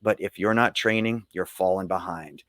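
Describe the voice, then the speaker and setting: A man's voice: deep voice, normal speed, a bit bright, no room sound, studio quality. A middle-aged man, a leadership coach, speaking earnestly and motivationally in a podcast interview.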